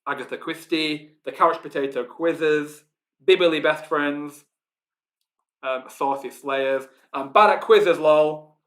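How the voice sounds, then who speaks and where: Bright-voiced Yorkshire quiz host. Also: male voice, fairly high pitch. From Yorkshire, England. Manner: chatty, reads out team names, laughs often. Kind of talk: live online quiz hosting.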